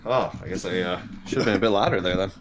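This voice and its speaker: A man's voice: sits low, quick pace, very noisy. A man playing in a tabletop game, making dry jokes about his character. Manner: dry joking. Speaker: player.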